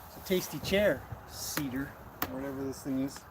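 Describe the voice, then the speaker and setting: A man's voice: medium pitch, normal speed, background noise. A man hosting a casual livestream outdoors beside a horse, chatting loosely and talking to his animals between thoughts. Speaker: horse trainer livestream host.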